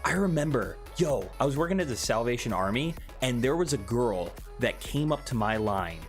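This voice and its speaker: Animated young man chatting on stream. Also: moderate pace, soft background music. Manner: animated, jumps into high excited squeals and laughs. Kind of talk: casual live-stream chat answering viewer comments.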